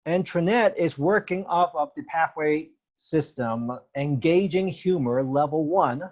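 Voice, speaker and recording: A man hosting an online club meeting, introducing the next speaker in a friendly, measured way. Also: fairly high pitch, a little mellow, highs cut off. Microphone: video call.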